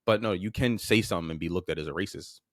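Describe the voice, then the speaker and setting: This podcast host has a low voice and talks fast, commenting bluntly and informally on clips he plays. He swears casually and often restarts his phrases. The recording is studio quality with no echo.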